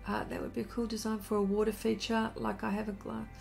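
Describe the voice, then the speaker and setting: A middle-aged woman artist chatting casually on a live stream while she draws, reading viewer comments aloud in an unhurried way. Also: a little high, flat delivery, gravelly, darkish tone, faint music behind. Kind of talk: casual chat while drawing.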